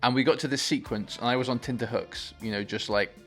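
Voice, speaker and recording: A man hosting a movie reaction, talking about the film with excited, gushing enthusiasm. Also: medium pitch, a little fast, soft background music.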